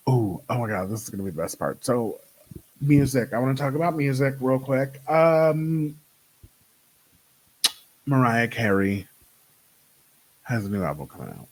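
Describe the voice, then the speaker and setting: A young man hosting his own show, chatting casually with a sassy, profane, animated way of telling stories. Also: mid-range voice, a little slow, pauses often, slightly rough, rough recording. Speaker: podcast host. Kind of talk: casual solo chat.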